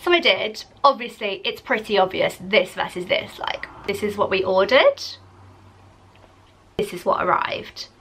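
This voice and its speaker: A woman's voice: mid-range voice, normal speed, few pauses, slight background noise. A young woman, chatting casually as she tells a story to camera, saying "like" constantly. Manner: chatty, animated, lots of "like". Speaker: vlogger.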